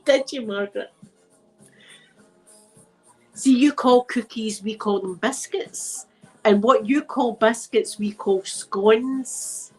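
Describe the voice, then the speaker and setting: A woman's voice: a little high, slow, long pauses, a little mellow, slightly rough, rough recording. A Scottish woman hosting a casual livestream from home, chatting with viewers in a rambling, laughing way, with a blocked nose. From Scotland. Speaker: ASMR channel host. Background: faint music playing.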